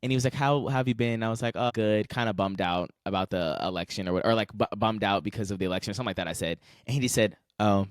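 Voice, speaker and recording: A young man co-hosting a podcast in casual chat, quick and opinionated, chiming in with reactions. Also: fairly low pitch, smooth, no room sound, studio quality. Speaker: podcast co-host.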